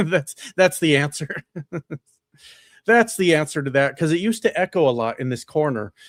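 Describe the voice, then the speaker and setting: A man hosting a livestream, talking loosely and swearing freely as he reacts to viewer comments. His voice sits a little high for a man. He is recorded close on a desk microphone in a treated home room, so the sound is dry. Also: expressive, measured pace, no room sound. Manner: loose, profane and chatty, with frequent fillers and laughs. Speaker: livestreamer and political candidate. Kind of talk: casual livestream chat, reading viewer comments. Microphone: upgraded desk microphone.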